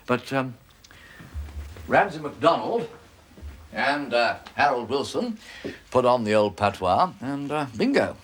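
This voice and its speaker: An actor playing a wary, jovial Labour politician in a sitcom, chuckling and hesitant with many fillers. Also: male voice, mid-range voice, fairly bright tone, slight background noise. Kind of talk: sitcom acting.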